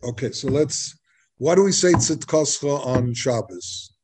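A man teaching a Talmud class, halting and repeating words as he searches for them. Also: mid-range voice, lively intonation, background noise.

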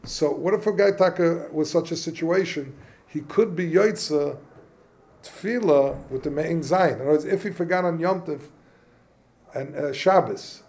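A man with a slightly high voice and a darkish tone teaches an informal Torah class. He works through the points in a loose, chatty way, asking questions and peppering his English with yeshivish Hebrew and Yiddish terms.

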